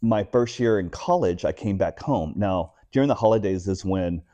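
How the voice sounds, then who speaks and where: A deep-voiced Texan man in his forties talks at a moderate pace with no room sound. He's a guest in a casual interview, animatedly telling personal stories and acting out the voices of the people he quotes.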